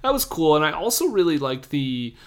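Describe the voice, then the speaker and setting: Man, film podcast co-host, casual chat, playful, fairly high voice. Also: sing-song, fairly quick. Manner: jokey, playful, slips into silly impressions.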